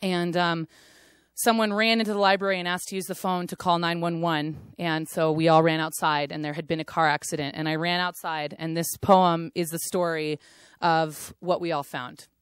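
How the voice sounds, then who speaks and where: A woman performing her own spoken word poem, telling it in a hushed, intense way that swells at times. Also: fairly low pitch, fairly even intonation, moderate pace, smooth, no room sound. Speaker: poet. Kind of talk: spoken word poetry reading.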